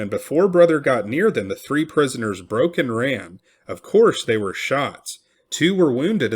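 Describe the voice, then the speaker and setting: A man reads a historical memoir aloud, a first-person account, at a middling pitch. His delivery swings widely in pitch and is expressive, and he raises his voice whenever quoted people cry out.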